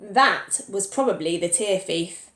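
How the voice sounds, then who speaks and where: A woman's voice: mid-range voice, animated, unhurried, a bit bright, roomy sound, pitched below the performer's own voice. A woman reading aloud, voicing a mother in a storybook who firmly scolds her son.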